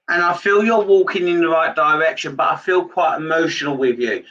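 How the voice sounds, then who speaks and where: Man, medium on a live stream, rambling and hesitant, bright-edged voice, dull far-off mic. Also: fairly high pitch, fairly quick, few pauses. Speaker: psychic medium. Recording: dull lo-fi sound from a distance.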